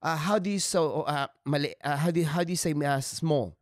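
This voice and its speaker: A man on a casual podcast rambles through explanations, full of fillers, restarts and trailing thoughts. His voice sits a little high for a man, and the sound is dry and close, with no room around it. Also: dry recording. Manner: explains terms slowly, with examples. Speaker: podcast host.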